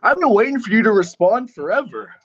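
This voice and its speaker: High-voiced man taunting over voice chat. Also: sing-song, fairly quick, fairly bright tone, lo-fi sound. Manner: mocking, taunting, goading. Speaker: streamer calling in to a rival's stream. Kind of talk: heated online voice-chat taunting. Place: online voice call.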